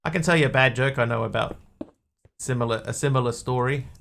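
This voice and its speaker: Man, gravelly voice, mid pitch, game streamer, rambling jokey chat. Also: fast, fairly bright tone, slight background noise. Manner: rambling, joking, talks to chat. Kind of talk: live game commentary and chat.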